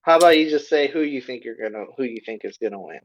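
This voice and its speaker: A man's voice: mid-range voice, animated, fast talker, muffled recording. Young guy running the pod, giggly. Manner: laughing, steering the talk. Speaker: podcast host. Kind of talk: casual podcast chat.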